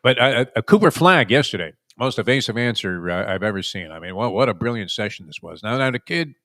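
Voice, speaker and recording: A man with a fairly low voice hosts a casual sports talk show. He rambles through wisecracking stories, full of "uh"s and tangents. The sound is dry and close to the mic. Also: animated, brisk, fairly bright tone, no room sound. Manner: wisecracking, rambling storyteller with frequent "uh"s.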